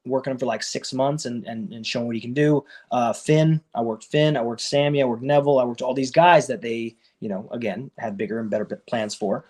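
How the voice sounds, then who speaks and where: A man in his thirties, a wrestler guest in a casual interview, telling stories with lively quoted back-and-forth. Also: mid-range voice. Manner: animated storyteller, acts out quoted exchanges.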